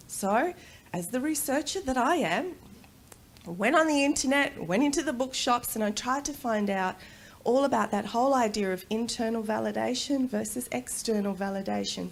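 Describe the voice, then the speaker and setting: A middle-aged Australian woman giving a personal storytelling talk at a conference, animated and quick to laugh. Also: a little high, vocal fry, slight background noise. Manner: animated, laughs often, acts out voices in quotes. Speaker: conference speaker. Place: conference room.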